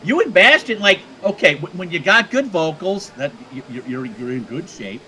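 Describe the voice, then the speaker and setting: A man's voice: high voice, big pitch swings, normal speed, bright, forceful tone, slight background noise, low-quality recording. A man co-hosting a casual livestream chat, rambling and joking with many stammered restarts. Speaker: co-host.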